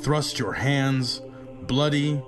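Slow, measured man reciting over music. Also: medium pitch.

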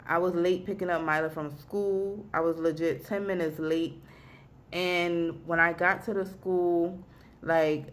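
A young woman talking at her home desk in a casual vlog, rambling and halting, close to tears. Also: lowish voice. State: weepy, emotional. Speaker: vlogger.

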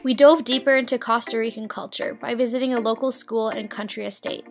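A woman's voice: fairly high pitch, steady tone, a little fast, gravelly, over music. A young woman doing voice-over narration for a travel vlog, playful and lightly sarcastic.

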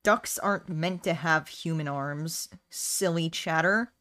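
Woman, art streamer, casual playful chat, fairly low voice, dry sound. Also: slow pace, fairly bright tone, no echo. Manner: playful, chatty, answers chat. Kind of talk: casual livestream chat while drawing.

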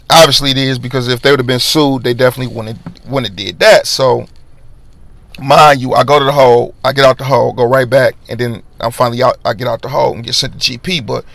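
A podcast host with a gravelly, medium-pitched voice tells a personal story as a casual monologue. He's animated and slangy, acting out the voices of the people involved. The recording has no echo.

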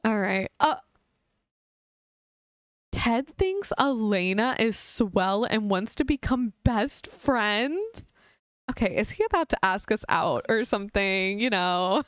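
A woman's voice: medium pitch, animated, slow pace, smooth, dry recording, clean studio sound. A young woman casually chatting and giggling as she narrates her life-sim game for her channel. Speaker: gaming YouTuber. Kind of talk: casual Let's Play commentary.

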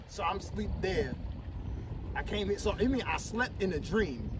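Young man, high animated voice, rambling casual chat, heavy street noise. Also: a little slow, a crowd in the background. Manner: rambling, many "like" fillers. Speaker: vlogger's friend. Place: outdoors by a waterfront. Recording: loud outdoor traffic noise. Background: traffic and street ambience.

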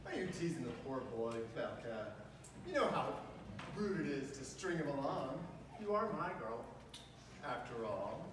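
A man's voice: medium pitch, big pitch swings, normal speed, close to an everyday voice. A man playing a possessive young male vampire in an amateur stage reading. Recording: echoey room, distant mic, noise.

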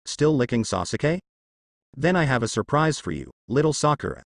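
A cocky teenage boy ninja from a storybook, brash and scheming, as a male narrator reads him. His pitch swings widely. The sound is dry and close. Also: big pitch swings, normal speed, creaky, no room sound.

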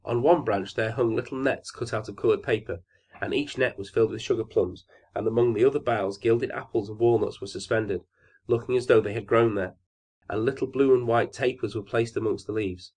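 Male bedtime-story narrator, measured and gently expressive, husky voice. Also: fairly low pitch.

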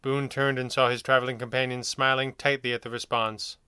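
Bright, crisp male narrator. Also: mid-range voice, flat delivery, fairly quick, no echo, clean studio sound. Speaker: storyteller reading his own pulp tales. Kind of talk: scripted narration.

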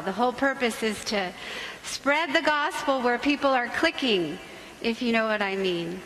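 A high-pitched woman with a bright, ringing tone gives a talk in a church. She tells a lively, humorous story about faith. The sound carries long reverb from the hall, with faint noise behind it. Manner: lively storytelling, acts out parents and kids. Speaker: Catholic speaker.

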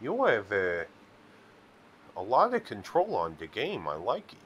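A man's voice: lowish voice, huge pitch swings, measured pace, fairly bright tone, dull audio, slight background noise. A man playing slot machines in a casino and giving playful commentary that drifts into rambling, absurd stories. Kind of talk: casual joking commentary.

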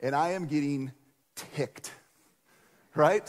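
A pastor preaching a sermon in an animated, conversational manner. His voice sits fairly high for a man. It carries a long church reverb. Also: measured pace, long pauses. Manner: conversational, animated storytelling with acted quotes. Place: church sanctuary.

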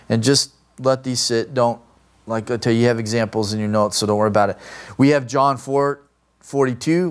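A man lecturing a class on grammar. He explains patiently, step by step, and keeps checking in with his students as he goes. His voice sits at an ordinary middle pitch. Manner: explanatory, asks "right?" often. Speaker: Greek grammar teacher.

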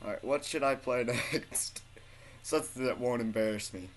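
A man giving live commentary over his own gameplay, excitable and foul-mouthed, swinging into laughter and high-pitched yells. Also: moderate pace, soft background music. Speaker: gaming video host.

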